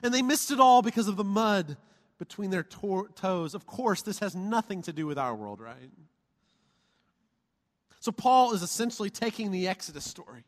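Calling out for amens, a male pastor preaches at a moderate pace with a high, bright tone, full of playful energy. The sermon is recorded in a church hall where his voice trails off in long reverberation.

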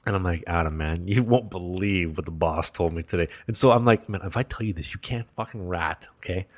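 A man's voice: sits low, brisk. Laughing young man telling a crude story. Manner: laughing, crude, animated anecdote. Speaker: podcast host. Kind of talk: casual storytelling chat.

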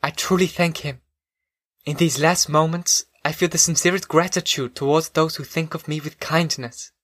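A man voicing a resigned, gentle young woman prisoner in an audiobook, reading her lines softly and pleadingly. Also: on the high side, fairly even intonation, moderate pace, no echo, clean studio sound. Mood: tender.

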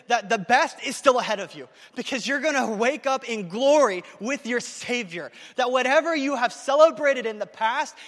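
A man preaching a sermon to his church, talking fast and excitedly, with emphatic repetition. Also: very high voice, big-room sound. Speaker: pastor. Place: church sanctuary.

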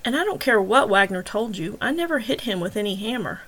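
A woman's voice: medium pitch, animated, a little fast, fairly bright tone, low-quality recording. A woman reading the lines of a confused young man under suspicion, earnest and insisting he is innocent. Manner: flustered, insistent, pleading innocence.

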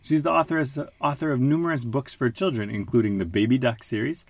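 Dad reading a kids book out loud, bouncy sing-song voice, dry close sound. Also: male voice, medium pitch, fairly quick, vocal fry, dry recording. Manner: animated, playful. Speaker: father and podcast host. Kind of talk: reading a picture book aloud to his child.

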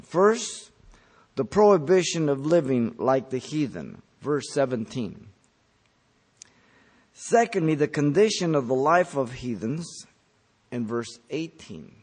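A man preaching a verse-by-verse sermon, explaining the text in an emphatic teaching manner, with his pitch lifting sharply on key words and then falling. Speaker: pastor. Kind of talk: expository sermon.

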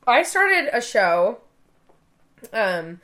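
A woman in her thirties chats on a podcast in a bright, ringing voice. She swears freely and acts out the people in her stories with sudden jumps in pitch. Her delivery is loose and conversational. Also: sing-song, extremely slow. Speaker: podcast co-host. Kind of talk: casual chat.

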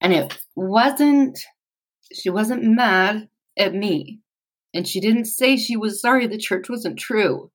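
A woman in her forties telling her personal story in an interview, reflective and halting, with pauses. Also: mid-range voice, animated, poor audio.

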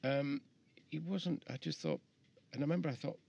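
A man's voice: fairly high pitch, moderate pace, vocal fry, a little mellow. A middle-aged man, an architect guest, talking in a rambling, reflective way with many restarts, in casual interview chat. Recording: faint background noise.

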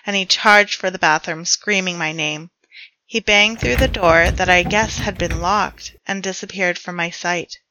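Bright-voiced woman reading dark fiction. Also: medium pitch, no echo, dull audio. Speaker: storyteller. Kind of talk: reading her own dark fiction aloud.

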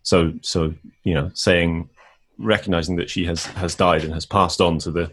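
A man's voice: low-pitched, fairly even intonation, normal speed, fairly bright tone. A man co-hosting a casual literary discussion, thoughtful and hesitant, with frequent fillers. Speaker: podcast co-host discussing a classic novel.

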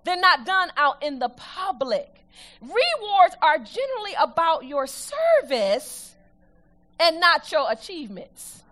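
Lively high-voiced woman preaching. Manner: lively preaching, reads scripture slowly with the congregation. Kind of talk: sermon.

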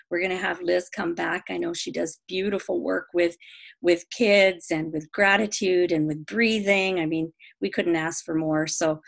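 Woman interview host, low and gravelly, enthusiastic and full of fillers. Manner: warm praise and enthusiastic questions, with fillers. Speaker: podcast host. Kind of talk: interviewing a guest.

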